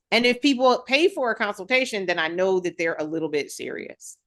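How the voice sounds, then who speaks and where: A woman's voice: mid-range voice, brisk. A woman wellness coach talking frankly in a casual podcast chat, animatedly quoting the people she works with. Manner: frank and animated, quotes her clients.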